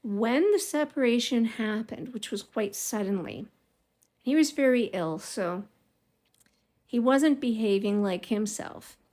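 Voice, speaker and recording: A middle-aged woman vlogger telling a childhood story in a casual, rambling way, drifting into side remarks and laughing softly now and then. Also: fairly high pitch, measured pace. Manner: rambling and digressive, with frequent small laughs.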